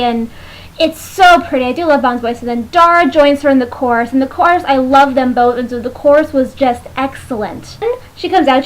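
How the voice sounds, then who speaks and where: A young woman in a casual vlog, reviewing a music video with a chatty, playful manner and animated asides. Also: high-pitched, poor audio.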